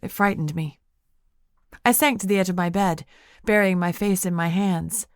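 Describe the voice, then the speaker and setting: Woman audiobook narrator, kinda low voice, dry booth sound, calm storytelling. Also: moderate pace, no room sound. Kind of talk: scripted first-person narration.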